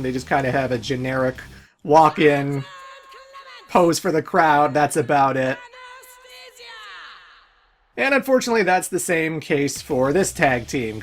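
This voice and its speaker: Casual game commentator, mid-pitched voice, easygoing and chatty, soft music under it. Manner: laid-back, chatty, laughs often, swears casually. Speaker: let's play host.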